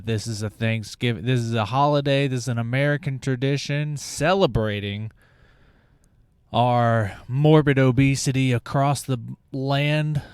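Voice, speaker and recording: A man's voice: medium pitch, darkish tone, clean tone, dry recording, studio quality. A man hosting his own podcast in a casual, sarcastic, rambling comedic monologue, swearing now and then. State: out of breath. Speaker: podcast host.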